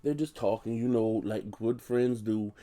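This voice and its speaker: Casual male film recapper, lowish mellow voice, rambling and conversational. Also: a little slow. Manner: chatty, loose and conversational, full of "you know" asides. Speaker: movie reviewer. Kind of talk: casual movie plot recap.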